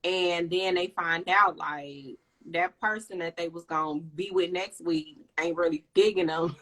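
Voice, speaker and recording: A woman's voice: on the low side, fairly even intonation, measured pace, few pauses, a bit bright, low-quality recording. A woman life coach hosting a casual chat, giving earnest, encouraging advice about relationships. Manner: earnest, encouraging, laughs often.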